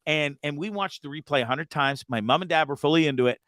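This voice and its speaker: A man hosting a casual podcast, talking in profane, excitable rants and repeating himself as he gets worked up. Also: fairly high pitch, quick pace, dry recording. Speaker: host.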